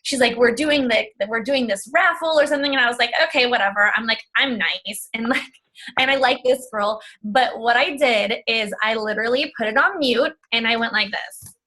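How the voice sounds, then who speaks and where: A fitness coach shares her coaching story on a video call in a slightly high, bright, forceful voice at normal speed. She's chatty and emotional, often quoting herself and others, and at times she becomes tearful.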